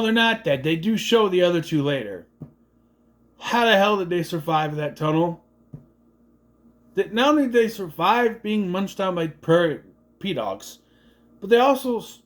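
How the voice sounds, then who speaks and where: A young adult man casually recapping and reviewing a movie, rambling and jumping into quick impressions of the characters. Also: sits high.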